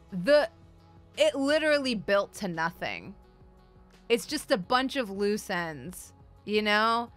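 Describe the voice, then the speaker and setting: Woman streamer, bright edgy voice, rambling profane sarcastic rant, casual commentary, faint music underneath. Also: on the low side. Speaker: streamer host.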